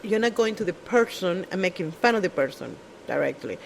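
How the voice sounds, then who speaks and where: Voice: mid-range voice, lively intonation, fairly quick, vocal fry, slight background noise, low-quality recording. Blunt, sarcastic storyteller with non-native phrasing. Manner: blunt, profane, sarcastic, mimics other people. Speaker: show speaker. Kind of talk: casual storytelling monologue.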